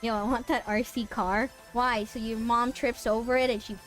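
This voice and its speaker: Young female streamer, high voice, loose, swearing, laughing, casual live chat. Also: fairly even intonation, normal speed, soft background music. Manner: rambling, sarcastic, laughing, swears freely.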